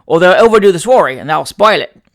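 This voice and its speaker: A cheeky young manservant, as a male reader puts him on, sly and deadpan in his banter. The voice sits a little high and jumps about, louder and brighter than the plain narration. It is a storybook turn with quick, dry wit. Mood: wry.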